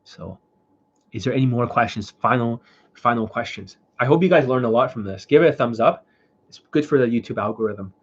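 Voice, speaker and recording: Running a livestream question-and-answer session, a dating coach who's unwell and coughing speaks at medium pitch, animated and fairly quick with a breathy edge. His talk is blunt and heavy on profanity, captured in dull lo-fi audio.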